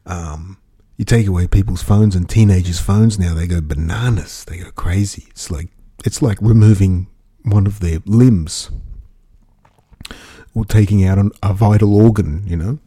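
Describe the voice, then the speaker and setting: A man's voice: deep voice, unhurried, mellow, slightly rough. A man rambling through stories in a casual monologue, often adding "you know" and chuckling. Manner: chatty storyteller, frequent "you know" asides; amused, chuckles while talking. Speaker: vlogger.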